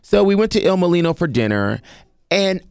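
Lively playful man, high voice. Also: brisk, creaky, clear, resonant tone, no room sound, clean studio sound. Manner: playful and expressive. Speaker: co-host. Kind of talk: casual chat.

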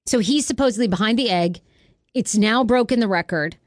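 A woman co-hosting a casual talk show, chatty and animated, reading out stories from the news. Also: fairly high pitch, brisk, no room sound, clean studio sound. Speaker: co-host. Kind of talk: casual radio show banter.

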